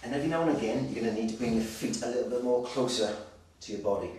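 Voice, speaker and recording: A slightly breathless male personal trainer demonstrating exercises, giving brisk, direct coaching with frequent check-ins. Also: mid-range voice, a little mellow. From Wales. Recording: very echoey, distant, noisy room sound.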